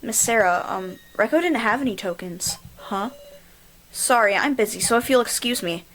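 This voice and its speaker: A woman's voice: a little high, animated, normal speed, a bit bright, slight background noise, rough recording. A woman voicing a polite, matter-of-fact nonhuman caretaker figure. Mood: brisk.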